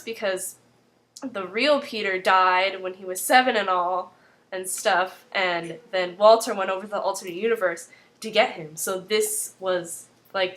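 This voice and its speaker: A young woman with a medium-pitched, slightly bright voice recaps a TV episode for her vlog. She's chatty and drops "like" into nearly every sentence.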